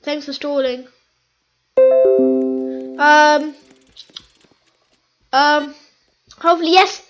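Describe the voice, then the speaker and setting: A woman giving excitable, chatty commentary over her own gameplay video, repeating phrases over and over. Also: high voice, takes it slowly, pauses often, dull audio, faint music behind. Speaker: gaming video host.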